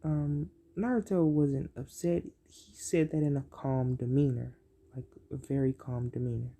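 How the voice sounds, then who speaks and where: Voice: medium pitch, fairly even intonation, measured pace, dark tone. A storyteller casually narrating an improvised fan-fiction story, rambling with many ums and "so, yeah" fillers.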